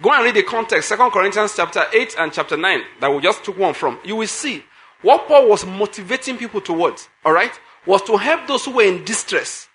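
A man's voice: high-pitched, expressive, brisk, pushed and bright. A man preaching a sermon, emphatic, repeating phrases and putting questions to his listeners.

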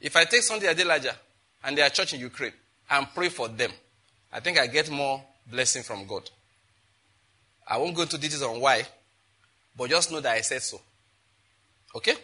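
Male pastor, sermon delivery, emphatic, sharp bright tone. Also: medium pitch, expressive, moderate pace, long pauses. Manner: emphatic, quizzes the congregation. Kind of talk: sermon with scripture reading.

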